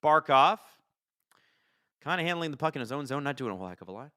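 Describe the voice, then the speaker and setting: Guy streaming a hockey game, bright voice, excitable and chatty, swears a bit. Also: on the high side, fast, clean tone, dry recording, studio quality. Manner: chatty, excitable, swears casually, talks to chat. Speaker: host watching a hockey game live. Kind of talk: casual live-stream commentary.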